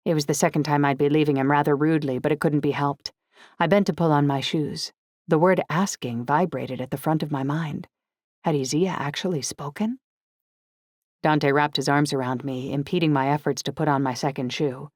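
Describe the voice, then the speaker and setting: Low-voiced woman narrating an audiobook. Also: fairly even intonation, moderate pace, a little mellow, dry recording, clean studio sound. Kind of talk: first-person audiobook narration.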